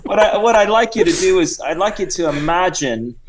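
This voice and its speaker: A man putting on a rambling, pompous British gentleman with a mock Cockney-Australian accent, voice pitched high and sing-song. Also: expressive, a little fast, a crowd in the background. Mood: hammy. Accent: mock British, Cockney-Australian mix. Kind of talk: improvised comedy podcast bit.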